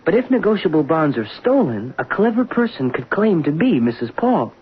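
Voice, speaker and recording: A man's voice: on the high side, sing-song, moderate pace, a little hiss or hum. An actor playing an anxious young stockbroker who stammers in his own defense, in a 1970s radio drama. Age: young adult. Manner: nervous, stammering. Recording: dull 1970s radio broadcast.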